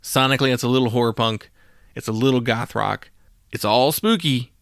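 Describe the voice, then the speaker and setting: A man's voice: medium pitch, fairly quick, gravelly, a bit bright, no echo. A man talks through a music podcast in a loose, casual way, full of fillers and side comments. His voice sits in a middle range. The recording is dry and close, with no room sound. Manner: casual, rambling with frequent fillers. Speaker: podcast host. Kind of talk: solo music podcast monologue.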